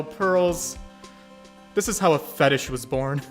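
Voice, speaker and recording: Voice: medium pitch, slow, faint music behind. A let's-play host giving casual, joking commentary while playing through a game. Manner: joking, playful.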